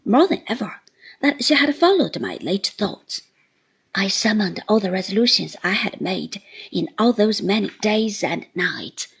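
A woman narrating a classic novel in the first person in a slow, hushed, whispery reading. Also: mid-range voice, gravelly, breathy edge.

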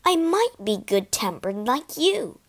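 A woman's voice: fairly high pitch, sing-song, takes it slowly, exaggerated voice. Woman voicing Ginger, a bitter mare. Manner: sullen, bitter storytelling. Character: bitter, hurt young mare. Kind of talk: storybook reading.

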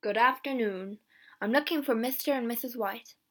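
A woman's voice: fairly high pitch, normal speed, a bit bright. A woman voicing a tall, solemn, well-dressed male stranger who speaks formally.

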